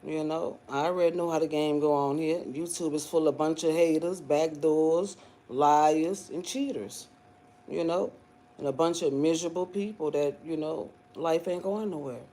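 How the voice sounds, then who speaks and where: A man's voice: on the high side, steady tone, normal speed, mellow. A man chatting casually on a livestream, full of fillers and pet names like "boo" and "baby.". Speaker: livestream host.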